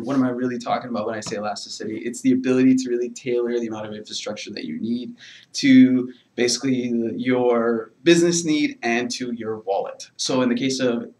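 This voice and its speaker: A man explaining software topics to a live webcast audience from home in a loose, hedging way, leaning on filler words. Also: medium pitch, rough recording. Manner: loose, hedging, heavy on "kinda" and "really". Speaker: guest software developer.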